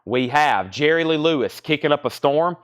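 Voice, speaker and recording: Running a live-stream vinyl sale from a record shop, a man from the American South with a Southern accent calls out album titles, bids and prices between chatty asides. His voice sits on the high side and flows smoothly and expressively at a moderate pace.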